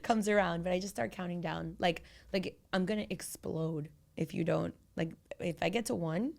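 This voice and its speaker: A woman's voice: on the low side, normal speed, vocal fry, a little mellow. A woman in her thirties co-hosting a podcast in casual chat, talkative and filler-heavy, often quoting herself. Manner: chatty, quotes herself, frequent "like". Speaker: podcast co-host.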